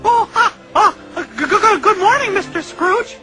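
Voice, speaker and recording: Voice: very high-pitched, moderate pace. A performer voicing a timid, meek male clerk who stutters nervously in a cartoon clip. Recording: loud music behind cartoon clip.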